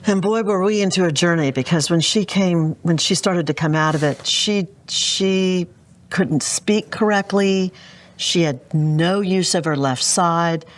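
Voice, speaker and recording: A middle-aged woman speaks as a guest on an interview show, her voice sitting a little low. She tells a personal story in an earnest, vivid way. She often turns to address the host. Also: a little slow. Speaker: guest entrepreneur. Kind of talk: emotional storytelling.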